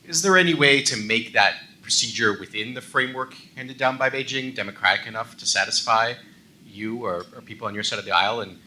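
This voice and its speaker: A man, a newspaper journalist, asking a panelist a question from the audience in a hesitant, halting way. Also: medium pitch, sharp tone, poor audio.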